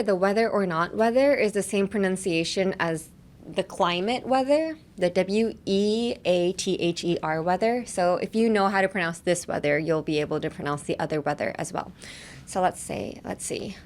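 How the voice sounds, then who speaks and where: A woman's voice: lowish voice, a little mellow. A young woman hosting a casual podcast lesson, chatty, laughing often and explaining pronunciation step by step. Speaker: podcast host and English teacher.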